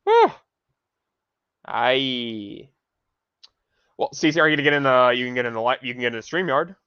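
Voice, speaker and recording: This medium-pitched young livestreamer speaks rapid-fire, expressive and pushed, with a bright, smooth tone and no echo, through a dull lo-fi home mic. Heated and rambling, he swears heavily, keeps restarting and slips Spanish phrases into the rant.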